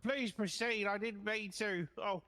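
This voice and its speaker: A man's voice: sits high, steady tone, measured pace, sharp tone. A man role-playing a police applicant who mouths off and then grovels. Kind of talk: in-character role-play. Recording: reverberant, a bit distant.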